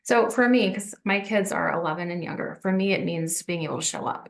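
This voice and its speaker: A woman's voice: lowish voice, normal speed, vocal fry, hardly any pauses. A woman in her forties, a physician and podcast guest, telling a personal story in a reflective, conversational way.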